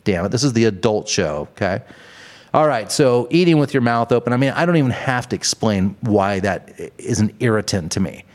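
A man's voice: fairly low pitch, animated, brisk, darkish tone. A man hosting a podcast, ranting in a casual, comedic way, swearing often and laughing at his own jokes. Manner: profane, laughing, exaggerated ranting. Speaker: podcast host.

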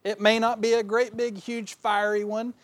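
Man, pastor, folksy self-mocking sermon delivery, slightly high voice, dry close sound. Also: flat delivery, moderate pace, dry recording. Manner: folksy, self-deprecating, laughs often; swings between loud bursts and quiet asides.

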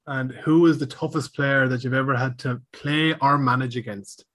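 A man hosting a casual podcast interview, asking relaxed, friendly questions. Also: medium pitch, normal speed. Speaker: podcast host.

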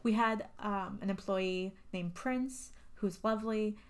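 A woman's voice: medium pitch, takes it slowly, clean tone. A woman co-hosting a podcast, recapping a film in casual chat and rambling with many "um"s and "like"s. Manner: rambling, full of "um" and "like". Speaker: podcast co-host.

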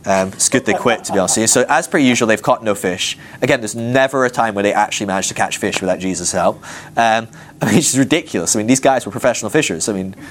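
A man's voice: fairly low pitch, quick pace. A man teaching a ministry school class in a casual, joking way, acting out the voices of Bible characters. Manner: jokey, animated, acts out voices of Bible characters.

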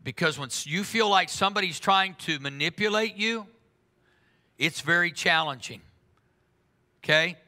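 A man preaching a sermon in an earnest way, slowing down for emphasis and speeding up for asides. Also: high-pitched, pushed and bright. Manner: earnest, shifts between slow emphatic lines and quick asides. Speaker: pastor. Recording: long reverb of a large hall.

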